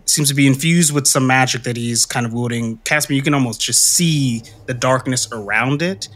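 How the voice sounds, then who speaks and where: A man with a mid-range voice speaks at normal speed as the game master of a tabletop role-playing game. He describes the scene in a relaxed storytelling style, with frequent fillers and easy laughter.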